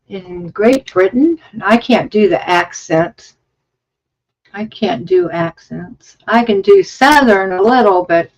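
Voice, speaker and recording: A woman in her fifties chats slowly and loosely on a livestream, wandering between thoughts as she works in her home craft studio. Her sound is a bit muffled and lo-fi, like stream audio. The pitch is middling for a woman. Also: gravelly. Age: 50s. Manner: rambling, chatty, thinks aloud while crafting. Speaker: livestream host. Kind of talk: casual livestream chat.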